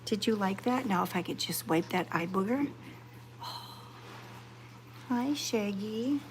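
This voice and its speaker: A woman chatting to her viewers while petting cats, excited and fond, cooing softly to the animals. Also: mid-range voice, brisk, noisy background. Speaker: cat sanctuary vlogger.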